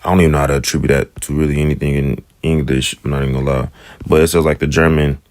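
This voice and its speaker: A man teaching Hebrew letters in a casual lesson, thinking aloud and repeating sounds slowly. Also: very deep voice, flat delivery, a little mellow, no echo. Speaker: self-taught Hebrew teacher. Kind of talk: casual screen-share lesson.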